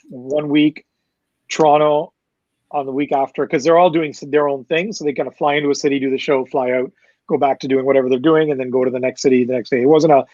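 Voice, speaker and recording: A man who works as a concert promoter, telling a loose, fast, profane backstage story as a guest. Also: mid-range voice, a little mellow, no room sound, lo-fi sound. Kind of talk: casual storytelling.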